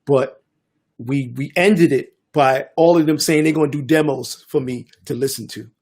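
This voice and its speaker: An older man, a DJ and producer telling a story in a casual interview, animated and acting out the voices of others. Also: medium pitch, normal speed. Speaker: guest DJ and producer.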